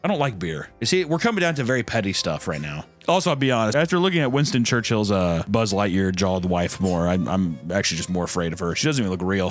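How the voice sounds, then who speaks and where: A man's voice: fairly low pitch, fast, soft background music. A man ranting casually and comically, rambling and joking as he goes. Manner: animated, rambling, jokey. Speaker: streamer. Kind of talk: comedic casual rant.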